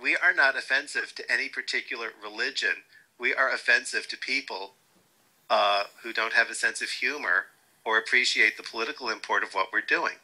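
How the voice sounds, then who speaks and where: An older man being interviewed, telling wry, lively stories and quoting people along the way. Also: mid-range voice, fairly quick, poor audio. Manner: wry, animated anecdotes with quoted voices. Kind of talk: storytelling interview.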